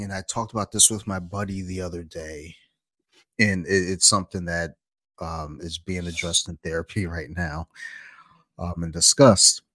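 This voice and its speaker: A man with a very deep voice hosts a casual podcast chat, candid and reflective. The recording is dry and close. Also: a bit bright, dry recording. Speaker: podcast host.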